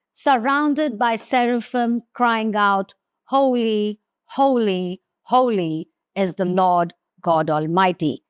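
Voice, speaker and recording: Woman Bible teacher, measured and deliberate, reads verses then unpacks them, slightly high voice. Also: smooth, dry recording, studio quality. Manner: reads scripture aloud, then explains it slowly with emphasis. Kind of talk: slow devotional Bible teaching.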